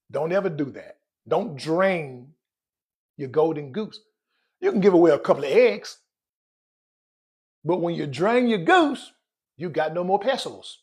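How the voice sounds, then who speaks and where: A man's voice: on the high side, lively intonation, a little slow, long pauses, a little mellow, slightly rough. A man chatting casually to his channel's viewers about money, joking and calling out to them directly. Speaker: personal finance vlogger. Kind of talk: casual chat to camera.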